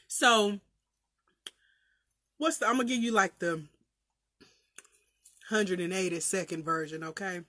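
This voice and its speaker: Bright, chatty Southern woman livestreaming. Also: mid-range voice, measured pace, pauses often, dry recording. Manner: lively, chatty, preacherly; laughs often, colloquial. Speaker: life coach trainer. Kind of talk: livestream talk to viewers.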